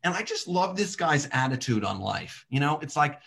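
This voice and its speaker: A man doing deadpan comedic storytelling. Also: a little high, moderate pace, gravelly.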